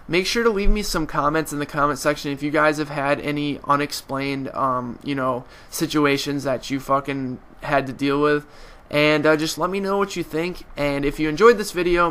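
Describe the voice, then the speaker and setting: A young man with a cold speaks through a stuffy, nasal voice. His tone is bright and sharp as he rambles casually over gameplay, full of "like" and "you know". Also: medium pitch, slight background noise. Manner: rambling, many fillers and restarts. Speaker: gaming YouTuber.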